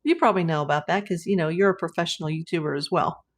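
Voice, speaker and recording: A woman's voice: fairly low pitch, fast talker. Chatty woman hosting a livestream. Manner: chatty, reads viewer comments aloud and greets them by name. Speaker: livestream host. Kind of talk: casual livestream chat with viewers.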